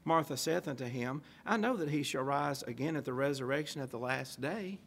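A man's voice: mid-range voice, expressive, fairly quick, gravelly. A man preaching a sermon, reading old-style scripture aloud with emphasis and asking rhetorical questions. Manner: emphatic, stressing key phrases.

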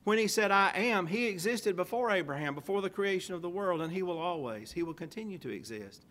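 Male preacher, fairly high-pitched, emphatic sermon delivery with scripture reading. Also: a bit bright, slight background noise. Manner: reads old-style scripture aloud and asks rhetorical questions; emphatic, stressing key phrases.

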